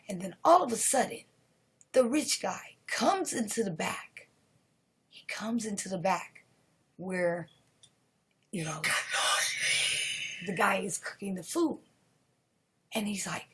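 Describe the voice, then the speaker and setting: A woman's voice: medium pitch, animated, unhurried, long pauses, fairly bright tone, husky, faint music behind, rough recording. A woman live streaming, telling a horror story in a rambling way, with restarts and dips into whispers.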